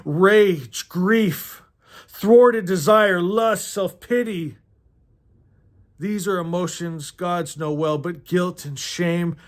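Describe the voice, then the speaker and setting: Middle-aged man, higher pitch, slow unhurried delivery, emotional casual read-through with asides and laughs. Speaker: host reading a novel aloud. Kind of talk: casual reading with personal commentary.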